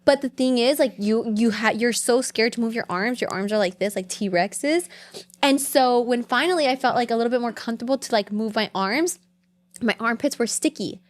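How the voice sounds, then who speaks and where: A woman's voice: fairly high pitch, moderate pace. A woman guest telling stories in casual podcast chat, full of "like" and quoted dialogue. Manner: chatty storytelling full of "like".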